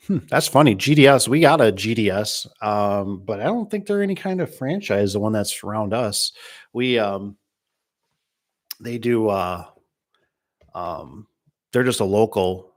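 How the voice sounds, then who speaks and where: A man's voice: lowish voice, animated, unhurried. A man who runs a garage door business, chatting casually and rambling through stories with acted-out quotes. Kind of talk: casual chat.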